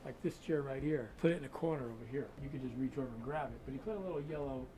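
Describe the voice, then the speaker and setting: Over background noise, a man with a medium-pitched voice talks very fast. He guides people through a museum room while spinning a creepy story, conversational and dramatic, with lots of asides.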